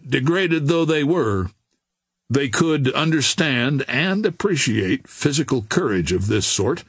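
A man reading an adventure novel aloud in a measured, unhurried storytelling manner. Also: medium pitch, slightly rough, no echo. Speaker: audiobook narrator.

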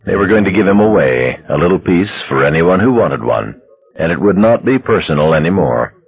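A man narrating an audiobook in a steady, measured storytelling manner, on a dull lo-fi recording. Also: low-pitched, creaky, husky.

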